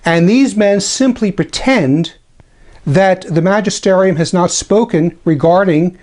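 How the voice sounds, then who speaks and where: A man with a slightly raised pitch delivering a measured, critical commentary. He speaks deliberately, slowing down to read quotations with care. Now and then he drops a dry, ironic aside. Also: darkish tone. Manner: deliberate, slows for quoted passages. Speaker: traditionalist Catholic commentator. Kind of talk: spoken commentary lecture.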